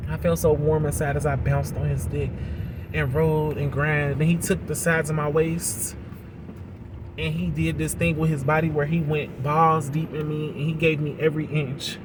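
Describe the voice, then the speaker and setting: A man telling a personal story to his viewers in a confessional storytime monologue, emotional and halting, often repeating words. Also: on the high side, level tone, background noise.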